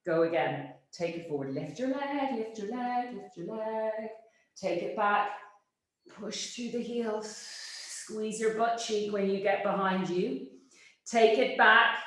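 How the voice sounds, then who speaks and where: Echoey woman cueing a Pilates class. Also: medium pitch. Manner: brisk, encouraging cues with frequent checking "yes?". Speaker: Pilates instructor. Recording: very echoey room.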